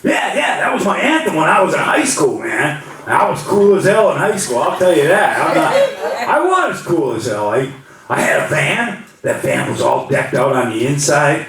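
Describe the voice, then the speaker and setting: A man's voice: on the high side, sing-song, normal speed. A middle-aged man doing a stand-up comedy set, telling rambling stories and acting out the voices of the people in them. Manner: rambling storytelling, acts out voices. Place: comedy club stage. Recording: roomy hall, mic from a distance, loud crowd. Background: audience laughter.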